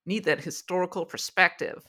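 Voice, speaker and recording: A woman hosting a podcast in casual chat, playful and quick to laugh. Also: fairly low pitch, pushed and bright. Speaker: podcast host.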